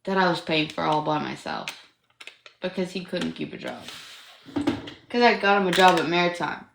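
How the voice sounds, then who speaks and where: A woman in her twenties with a lowish voice tells a long personal story on a livestream. She rambles, swears freely and leans on "like" constantly. Her voice carries an echo from a roomy space over a faint hiss. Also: moderate pace, gravelly. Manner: rambling, profane, heavy use of "like". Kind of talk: casual storytelling chat.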